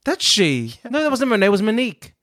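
A man's voice: high voice, huge pitch swings, fast talker, a bit bright, no room sound, studio quality. A man in casual chat, joking and hesitant, often correcting himself mid-sentence.

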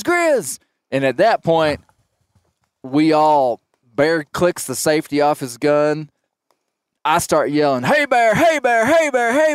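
A man's voice: fairly high pitch, clean tone, no echo. A middle-aged man hosting a podcast, animatedly retelling a story in casual chat. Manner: animated retelling, acts out shouted quotes. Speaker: podcast host.

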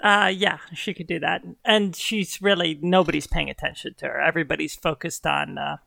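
A game master narrating a tabletop game in a relaxed, unhurried way. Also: medium pitch, vocal fry, no room sound.

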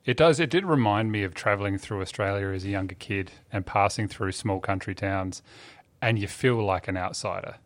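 A man speaks in a slightly low, dry voice, casually discussing a film. He hesitates and often trails off before finishing a thought. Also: moderate pace, no room sound. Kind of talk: casual film review chat.

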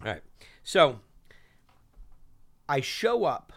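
Lively man telling animated stories. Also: a little high, very slow. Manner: lively, acts out other people's lines. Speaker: guest chef and TV host. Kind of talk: animated storytelling.

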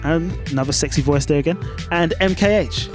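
Bright-voiced guy hosting a podcast, chatty, lots of ums, music under it. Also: fairly high pitch, a little fast. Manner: upbeat, chatty, with fillers. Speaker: podcast host. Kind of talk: casual podcast chat.

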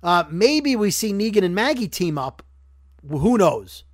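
A man from Brooklyn with a high-pitched voice, chatting loosely as a podcast host. He rambles, jokes and keeps restarting his sentences. The sound is dry and close. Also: sing-song, measured pace, no room sound. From Brooklyn, New York. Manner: rambling, joking, self-correcting. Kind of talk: casual podcast chat.

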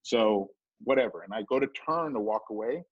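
A middle-aged man telling a story in casual chat, animated and swearing, acting out what people said in a raised voice. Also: fairly low pitch, brisk, husky, no room sound. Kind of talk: casual storytelling with acted quotes. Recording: dull lo-fi.

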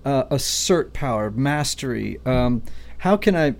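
Male guest, gravelly voice, reflective and explanatory, teaching tone. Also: medium pitch, expressive, a little slow. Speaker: podcast guest, Enneagram teacher. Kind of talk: casual podcast conversation.

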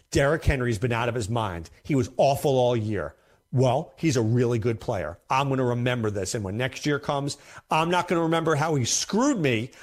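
A man talks straight to his viewers about fantasy football in a loose, conversational way. His voice sits in a middle register but swings up and down with lively emphasis, and he hammers his points home by repeating them. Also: medium pitch. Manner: animated, emphatic, repeats himself. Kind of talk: casual commentary to camera.

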